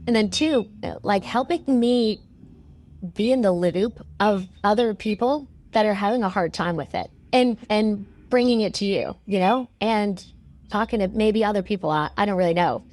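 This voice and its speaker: A woman's voice: medium pitch, moderate pace, a little mellow. A woman in a casual discussion who talks in a rambling, uncertain way with many fillers.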